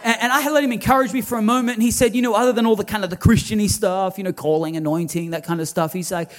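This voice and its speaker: A man's voice: high voice, steady tone, rapid-fire, hardly any pauses. A man, preaching a sermon as lead pastor, telling stories animatedly with quoted dialogue.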